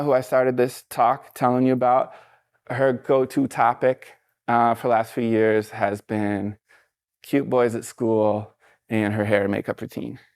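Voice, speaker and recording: A middle-aged man addresses a live audience from the stage with an easygoing, conversational pep talk, encouraging and full of fillers. His medium-pitched voice carries vocal fry, and the studio-quality audio has no echo.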